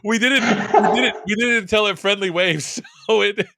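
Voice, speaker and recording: A man's voice: high voice, unhurried, sharp tone, a little hiss or hum. A man hosting a casual tech show, upbeat and joking, chatting with fillers. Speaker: show host. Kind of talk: casual tech interview chat.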